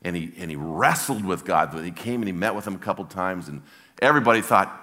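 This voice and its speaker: An older male pastor preaches in a church, his low voice carrying a forceful edge. He tells his story from the heart, often stopping and starting over mid-sentence, and the long hall reverb hangs behind every phrase. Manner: heartfelt storytelling with halting restarts. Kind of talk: sermon.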